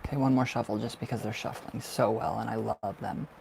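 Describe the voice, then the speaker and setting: A man's voice: lowish voice, fairly even intonation, a little fast, creaky, background noise. A man giving tarot card readings on a casual livestream, affectionate and gushing, laughing often as he chats to viewers. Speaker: tarot reader.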